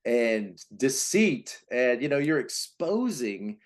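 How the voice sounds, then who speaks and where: A man being interviewed as a personality coach, explaining in a conversational way, often restarting and now and then acting out quoted voices. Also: takes it slowly. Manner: animated, acts out voices of types with big pitch jumps; many restarts and repeated words. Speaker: Enneagram coach, guest.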